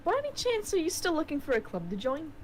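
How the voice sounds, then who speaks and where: A sweet, popular teenage schoolgirl, put on by a woman reading a visual novel, coaxes with a lilting New Zealand accent. The voice sits high and bounces up and down with lively swings. She sounds eager and bubbly. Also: fast, slight background noise. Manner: bubbly and coaxing.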